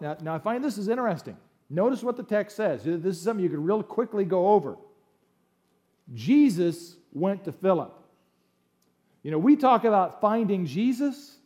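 A male pastor delivering a sermon with a fairly high, mellow voice. He talks in a loose, conversational way, with quick asides and emphatic lines between passages of scripture. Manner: animated, conversational, opinionated asides.

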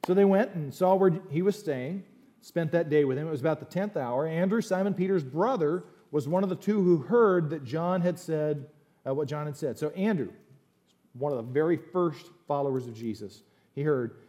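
A male pastor delivering a sermon with a fairly high, mellow voice. He talks in a loose, conversational way, with quick asides and emphatic lines between passages of scripture. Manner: animated, conversational, opinionated asides.

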